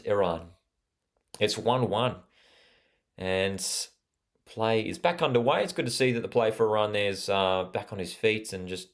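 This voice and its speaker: Chatty Australian man, lowish voice. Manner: chatty, reads out live chat, frequent fillers. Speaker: watchalong host. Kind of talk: casual live commentary.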